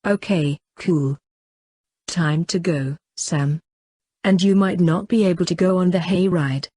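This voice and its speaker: A brisk, snobbish petite mother from an audiobook, put on by a woman reader. She talks in a clipped, affected way, in a low, husky voice that sounds dry and close. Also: dark tone, no room sound.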